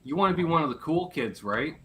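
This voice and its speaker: A man hosting a live stream Q&A chat, quickly and jokingly reading out viewer names. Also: on the high side, animated, slight background noise. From Canada. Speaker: host.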